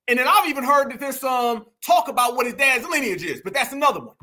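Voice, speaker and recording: A man's voice: extremely high pitch, expressive, quick pace, hardly any pauses, sharp tone. A man hosting an opinionated commentary stream, emphatic and preachy, calling out to his viewers. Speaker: commentary host.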